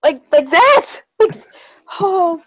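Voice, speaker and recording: A young woman with a very high voice co-hosts a casual livestream, overwhelmed with delight. She laughs, gushes and sounds choked up near tears, and her words come slowly. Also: big pitch swings. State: teary, choked up. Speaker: co-host.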